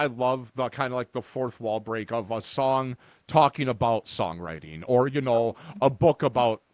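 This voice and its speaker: A man's voice: medium pitch, no echo. A man hosting a podcast interview, talking in an earnest, rambling way with many restarts. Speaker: podcast host. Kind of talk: casual interview chat.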